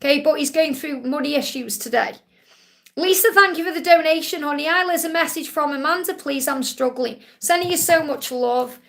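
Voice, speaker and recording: A woman's voice: high-pitched, normal speed, gravelly, fairly bright tone. A woman with a Stoke-on-Trent accent giving a live-stream card reading, soothing and reassuring, calling her viewers honey. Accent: Stoke-on-Trent English. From England. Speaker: psychic reader.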